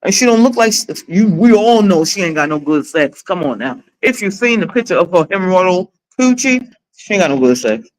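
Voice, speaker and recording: A woman's voice: lowish voice, lively intonation, fairly quick, poor audio. A woman in her forties hosting a livestream, chatting casually with blunt, profane, dramatic storytelling. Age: 40s. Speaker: livestream host.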